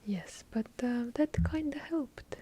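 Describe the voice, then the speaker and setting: A woman's voice: high-pitched, slow, mellow, slightly rough. A woman with a heavy Russian accent whispering ASMR trigger words, drawing out each repeated word and slipping in wry asides. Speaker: ASMR creator. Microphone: handheld field recorder.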